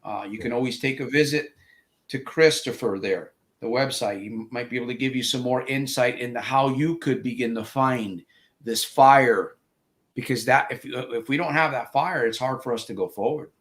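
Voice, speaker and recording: A man's voice: mid-range voice, moderate pace, a bit bright. A man hosting a live interview show, speaking in a motivational way with lots of fillers. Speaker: host.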